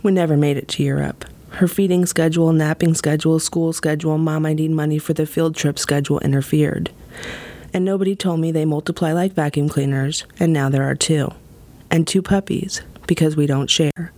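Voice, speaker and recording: A woman performing her own spoken-word poem in a wry, deadpan, measured way. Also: low voice. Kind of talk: spoken-word poetry reading.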